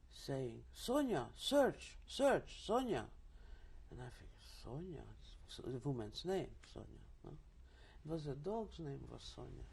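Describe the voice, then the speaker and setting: Older woman, mellow voice. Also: low voice, slightly rough. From Czechoslovakia. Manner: vivid storytelling with restarts and asides. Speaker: interviewee, Holocaust survivor. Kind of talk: oral history testimony.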